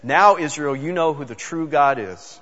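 A man's voice: on the high side, moderate pace, fairly bright tone. A man voicing the prophet Elijah as a confident adult man, in casual modern phrasing with repeated words, recorded dull in a long-reverb hall. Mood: commanding.

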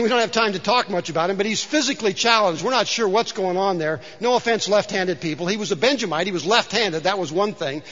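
High-voiced pastor preaching in a reverberant hall. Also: male voice, a bit bright. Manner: conversational, asides and rhetorical questions. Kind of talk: sermon. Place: church sanctuary. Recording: dull sound with long hall reverb.

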